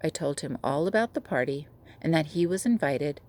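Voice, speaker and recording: A woman teacher reading a children's novel aloud to her class in a steady, gentle way. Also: deep voice, moderate pace.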